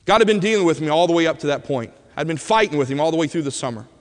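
Preacher telling a story in a ringing hall. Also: male voice, a little high, racing. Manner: animated storyteller, swings from loud to hushed. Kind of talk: sermon storytelling.

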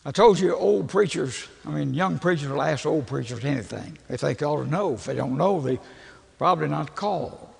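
An older man, preaching in a folksy, humorous storytelling way with a gravelly, husky voice. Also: fairly high pitch, lively intonation, a little fast. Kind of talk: storytelling sermon. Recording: long hall reverb.

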